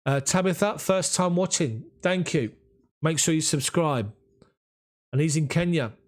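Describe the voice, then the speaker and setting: The voice sits on the high side and is unhurried: a London-accented man from England hosting a live watch-along on his football fan channel. He chats casually while reading viewer comments and thanking them by name.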